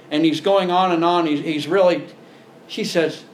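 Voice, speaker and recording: Male pastor, sermon delivery, slightly high voice, faint noise under the recording. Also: steady tone, moderate pace. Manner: conversational preaching, rising to emphatic.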